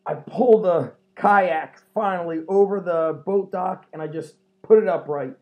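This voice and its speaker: A man hosting a podcast, telling a story in an animated way, laughing and swearing often. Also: high-pitched, measured pace, highs cut off. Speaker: podcast host. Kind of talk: casual chat.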